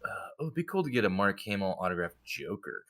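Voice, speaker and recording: Animated man with a bright, low voice. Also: quick pace, vocal fry. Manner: animated, joking, opinionated. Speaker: podcast co-host. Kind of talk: casual hobby podcast chat.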